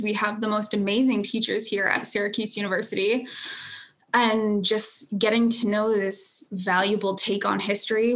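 Young woman, twenties, graduating student, interview answers, earnest, reflective, middle pitch. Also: a bit bright. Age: 20s. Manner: earnest, reflective, with small laughs and fillers.

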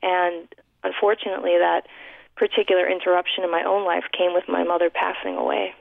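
A woman's voice: fairly low pitch, flat delivery, brisk, vocal fry, no echo. A woman from New York City, a guest author in a radio interview, telling her life story in a heartfelt, reflective way with frequent restarts. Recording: dry, thin phone-like line.

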